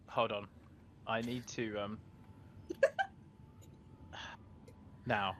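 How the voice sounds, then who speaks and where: A man's voice: lowish voice, little pitch movement, extremely slow, background noise. A man playing in a tabletop role-playing game, talking hesitantly with many fillers and self-corrections as he runs two characters. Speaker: player. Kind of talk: casual tabletop game chat.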